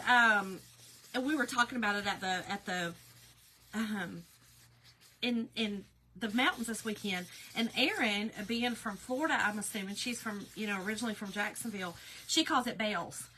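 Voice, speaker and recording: Chatty Southern woman with a bright voice. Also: a little high, normal speed, slightly rough. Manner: chatty, folksy, talks to viewers as y'all. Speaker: craft business owner hosting a live video. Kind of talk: casual live chat while crafting.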